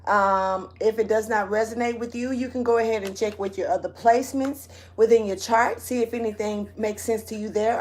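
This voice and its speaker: A woman's voice: mid-range voice, darkish tone. A woman giving a casual monthly astrology reading as a tarot reader, laid-back and rambling, laughing often.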